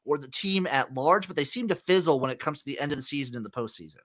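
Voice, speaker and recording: Young man, podcast host, bright voice, a bit higher pitch, blunt, profane. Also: expressive, quick pace. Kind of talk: casual sports chat.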